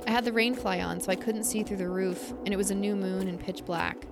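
A young adult woman co-hosting a podcast, reading a scary story and then chatting, with animated, halting storytelling full of fillers. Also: mid-range voice, vocal fry, noisy background. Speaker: podcast co-host. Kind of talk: casual chat and story reading.

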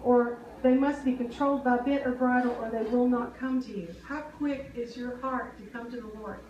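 A woman's voice: a little high, fairly even intonation, normal speed, a little mellow, lo-fi sound. A woman preaching a sermon, earnest and conversational, often asking the congregation questions. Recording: echoey hall, mic at a distance.

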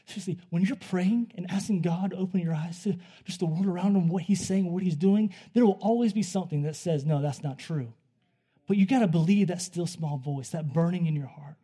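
A man preaching a sermon, telling a story in a conversational way that moves between hushed, quiet passages and loud, excited ones. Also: sits high, a little fast, husky.

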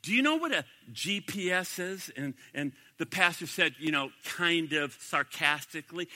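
A man's voice: fairly high pitch, expressive, normal speed, few pauses, bright, forceful tone, long reverb tail. A man preaching a sermon as pastor, emphatic and repeating his key phrases.

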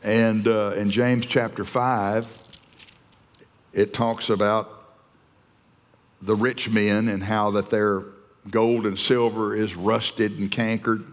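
A man's voice: on the low side, level tone, slow, long pauses. Fervent male preacher in a reverberant hall. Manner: fervent, emphatic, with frequent restarts. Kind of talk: sermon.

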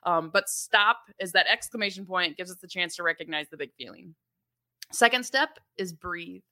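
A woman's voice: lowish voice, moderate pace, sharp tone. A young adult woman co-hosting a parenting podcast, explaining things in a chatty, casual way with frequent laughs and fillers. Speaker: podcast co-host.

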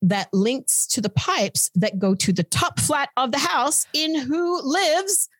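A woman's voice: high voice, slow pace, a bit bright, no echo. A woman hosting a podcast, casually telling a true-crime story in a chatty, blunt way. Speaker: podcast host.

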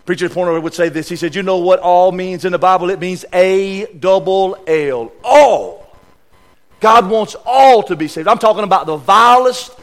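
Male guest preacher, high voice, emphatic church sermon, loud bursts and quiet asides. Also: fairly quick, hardly any pauses. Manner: emphatic, repeats key words, swings between loud and hushed. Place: church sanctuary.

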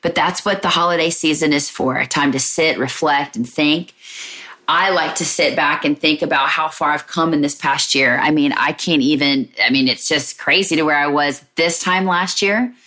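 In a low-pitched voice that sounds pushed and bright, this podcast host speaks at a moderate pace. Alone at the mic, she's reflective, candid and searching, frequently saying "like" and "you know."

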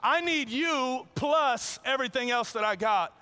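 A man's voice: extremely high pitch, measured pace, bright, forceful tone, clean tone, pitched above the performer's own voice, heavily acted. A man playing a bragging rich young man. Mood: pleading. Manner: whiny, bragging, pleading. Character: boastful self-righteous rich young man. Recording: long reverb in a large hall.

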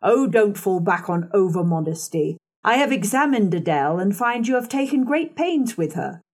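A woman doing a gruff, impatient gentleman. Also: medium pitch, big pitch swings, normal speed. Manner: curt, impatient, formal. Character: brusque gruff gentleman, moody master of the house.

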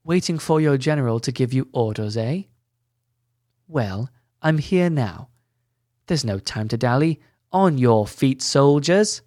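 A man's voice: medium pitch, lively intonation, a little slow, a little mellow, dry recording, close to an everyday voice. Storybook elf general, male, bossy and boisterous, barking orders in a dry, close sound, as a man reads him. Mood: commanding. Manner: commanding, teasing.

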